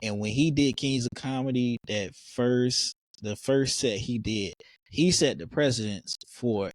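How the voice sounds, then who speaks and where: Excitable storytelling host, dry close mic. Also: male voice, fairly low pitch, dry recording. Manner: animated storyteller, excitable, stumbles over words. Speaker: podcast host. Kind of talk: casual interview chat.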